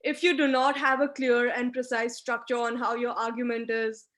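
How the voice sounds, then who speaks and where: A woman's voice: fairly high pitch, level tone, normal speed, a bit bright. Emphatic woman giving an online lecture. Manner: emphatic, instructive, talks with hand gestures. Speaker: guest speaker teaching mooting. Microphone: video call.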